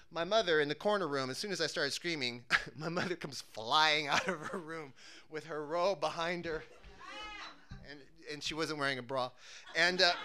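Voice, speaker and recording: A man's voice: high voice, sharp tone, smooth. A man telling a funny personal story, acting out the scenes with cries and screams.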